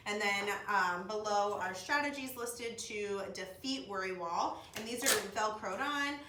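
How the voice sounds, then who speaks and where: A young woman talks to her camera in an excited, gushing way, and her voice is bright and forward. She sits back from the camera mic in an echoey room at home. A faint hiss runs under the recording. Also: medium pitch, a little slow, recorded from a distance. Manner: gushing, excited, lots of "like" and "oh my gosh". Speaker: vlogger, speech-language pathology assistant. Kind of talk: casual chat to camera.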